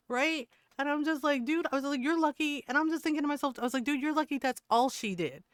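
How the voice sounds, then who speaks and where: A woman streamer telling a story in casual chat, profane and animated, laughing often. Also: high-pitched, quick pace, hardly any pauses, no echo, studio quality.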